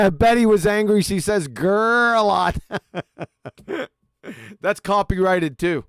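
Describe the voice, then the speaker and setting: A man with a high, smooth voice runs a livestream, reacting to a played clip with crude, mocking commentary. He speaks close to a dry microphone and breaks into loud, profane outbursts. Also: slow pace, no echo. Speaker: livestream host.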